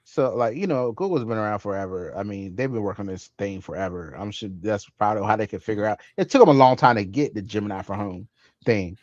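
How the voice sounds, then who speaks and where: A man's voice: lowish voice, fast talker, a little mellow, no echo. A man co-hosting a tech podcast in laid-back casual chat, swearing easily and laughing as he mimics others. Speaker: podcast co-host. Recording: dull, dry lo-fi audio.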